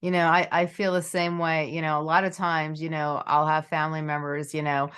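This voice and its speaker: Middle-aged woman hosting a chatty podcast, lowish voice, rambles with lots of you knows. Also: level tone, brisk, a bit bright, clean tone. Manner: rambling, leans heavily on "you know". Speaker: podcast host. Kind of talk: casual interview chat.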